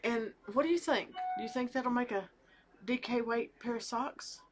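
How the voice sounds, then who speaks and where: A woman's voice: on the high side, normal speed, background noise. A middle-aged woman chatting casually to camera about her knitting, hesitant, with fillers and restarts. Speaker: knitting vlogger. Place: home with family talking in the background.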